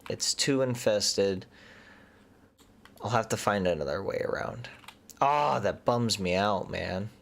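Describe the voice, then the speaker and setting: Lively gravelly-voiced man gaming. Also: on the low side, slow pace, pauses often. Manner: chatty, thinks aloud, mutters nervously under his breath. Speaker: gaming streamer. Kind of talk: casual commentary while playing a game.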